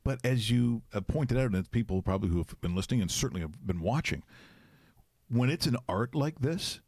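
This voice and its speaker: A man's voice: medium pitch, expressive, a little fast, darkish tone, no echo. A middle-aged man hosting a casual studio chat, rambling and jokey. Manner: rambling, jokey, slips into put-on voices. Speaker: show host.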